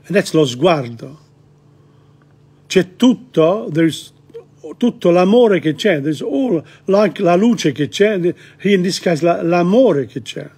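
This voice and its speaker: A man, explaining song lyrics in a language lesson, slow and halting, often repeating words. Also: fairly high pitch, gravelly, warm tone, slightly rough. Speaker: language teacher.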